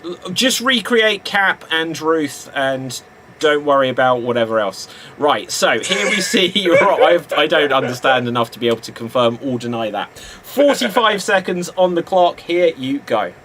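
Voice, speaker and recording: A man's voice: a little high, very animated, normal speed, fairly bright tone, slight background noise. A man hosting a live-streamed improv show, announcing rounds and calling time through giggles.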